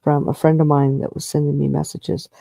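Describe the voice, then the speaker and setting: Mellow gravelly man, chatty. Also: a little high, flat delivery, fairly quick, no echo. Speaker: livestream co-host. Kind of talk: casual chat.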